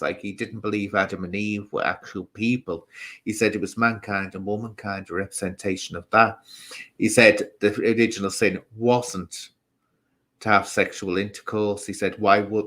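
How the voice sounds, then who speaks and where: A man's voice: fairly low pitch, pushed and bright. A man with a Scouse accent mixed with Southern Irish, hosting a casual live stream, rambling and answering comments from viewers.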